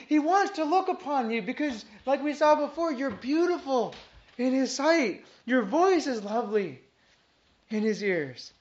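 Reading Bible verses aloud to a small group, a woman repeats them with earnest emphasis as she teaches. Her voice sits high and is expressive at normal speed, captured in a dull lo-fi recording.

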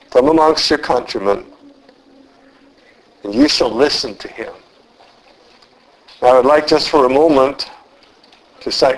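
A man preaching an expository sermon, speaking in a measured, deliberate way and slowing down for emphasis. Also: mid-range voice, a bit bright, poor audio.

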